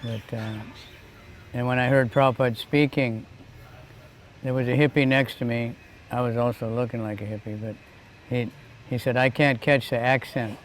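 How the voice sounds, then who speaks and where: A man tells his memories in a steady, flat voice, taking his time and pausing on fillers. A faint hiss sits under the recording. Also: mid-range voice. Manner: even, unhurried, with fillers. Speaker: interviewee recalling the past. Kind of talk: reflective recollection.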